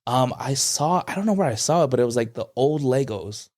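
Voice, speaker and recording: A man's voice: mid-range voice, expressive, a little fast, a little mellow. A man co-hosting a casual podcast chat, rambling with many ums and restarts and jumping into a raised voice when he quotes people. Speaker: podcast co-host.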